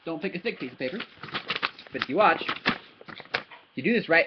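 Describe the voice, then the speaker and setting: A man's voice: a little high, expressive, brisk, pauses often, dull audio, a little hiss or hum. A man giving a casual, patient German lesson to a child, repeating words and demonstrating sounds. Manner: patient, repeats words and asks "yeah?" often; demonstrates sounds with paper and hand. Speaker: German tutor.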